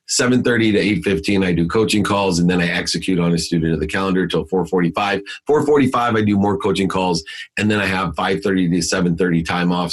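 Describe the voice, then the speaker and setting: A middle-aged man speaks as a podcast guest with a low, husky voice. He tells a motivational story with intensity and emphasis. He swings between loud, forceful lines and hushed ones.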